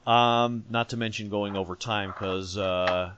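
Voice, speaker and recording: A man's voice: lowish voice, fairly even intonation, unhurried, background noise. A man hosting a casual sports podcast, joking and rambling with lots of fillers. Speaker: podcast host. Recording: dull lo-fi sound.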